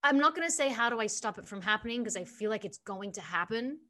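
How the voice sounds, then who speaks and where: Bright, chatty woman podcast host. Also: on the high side, lively intonation, fast. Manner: chatty, self-deprecating, lots of "like". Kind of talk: casual podcast chat.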